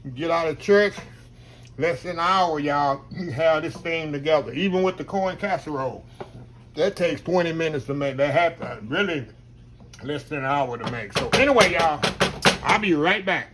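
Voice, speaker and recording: A man hosts a home cooking vlog, chatting with his viewers and calling them "y'all." His voice sits a little high and rings bright and forceful. He speaks to a camera on a tripod in his kitchen, with a faint hum of room noise behind him. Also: normal speed. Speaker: cooking channel host.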